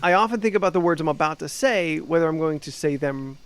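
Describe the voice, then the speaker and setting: A young man with a New Jersey accent chatting casually as a podcast co-host, rambling and halting with fillers. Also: on the high side, expressive. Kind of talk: casual chat.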